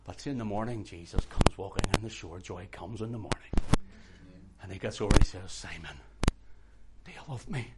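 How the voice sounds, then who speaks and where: A man preaching a sermon with passion, moving from hushed, quiet passages to loud, urgent outbursts. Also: fairly low pitch, brisk, very noisy. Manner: impassioned, swings from hushed to shouting.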